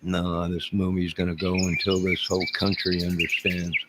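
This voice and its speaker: Man, middle-aged, very low voice, rambling joker, loud birdsong behind. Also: monotone, normal speed, heavy background noise. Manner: rambling, joking, bantering with chat. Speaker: livestream host. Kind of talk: rambling live chat. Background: loud birds chirping.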